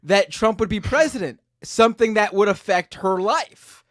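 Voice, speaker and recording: A man's voice: high-pitched, no echo. Laughing man, dry close mic. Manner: animated, laughing often, quick asides. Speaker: podcast co-host. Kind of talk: casual live-stream commentary.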